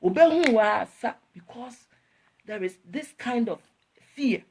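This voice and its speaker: A woman's voice: fairly high pitch, lively intonation, slow pace, darkish tone, slightly rough. Woman talking with feeling. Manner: rambling, repeats phrases, switches between English and Twi. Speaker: online host talking to viewers. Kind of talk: emotional heartfelt live talk.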